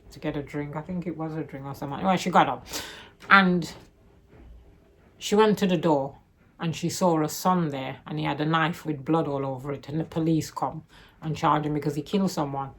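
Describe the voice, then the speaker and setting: Low-voiced woman rambling through a book review. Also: steady tone, normal speed, a little hiss or hum. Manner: rambling, self-correcting, retells the plot loosely. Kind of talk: casual book review chat.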